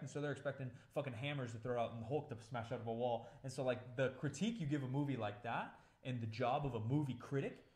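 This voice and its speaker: A man co-hosting a podcast thinks out loud in a laid-back way, with casual swearing along the way. He speaks at a quick clip with a middle-range voice. The room gives his voice a noticeable echo. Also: medium pitch. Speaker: podcast co-host. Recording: roomy echo.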